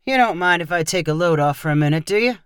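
A relaxed, sincere American drifter man chats warmly in this storybook reading, as the narrator puts him on. He pays easy compliments, and the voice is recorded dry, with no room sound. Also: mid-range voice, normal speed, clear, resonant tone, no echo, lightly acted. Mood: easygoing. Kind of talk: audio short story reading.

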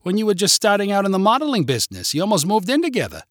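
A man voicing a loud, pushy, jealous middle-aged wife who talks insistently and indignantly. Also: sits high, huge pitch swings, racing, dry recording, studio quality, pitched above the performer's own voice.

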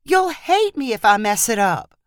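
A woman's voice: a little high, big pitch swings, normal speed, no echo, clean studio sound, voice pushed up. A woman voicing a hesitant, reluctant teenage girl in a storybook reading, speaking timidly. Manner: timid, stammering.

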